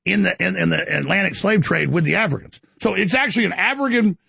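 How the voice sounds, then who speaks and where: Talk show host man, ranting and mocking, high gravelly voice, husky edge. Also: fast, pushed and bright, no echo. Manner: mocking, sarcastic, stammering restarts. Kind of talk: ranting talk radio monologue.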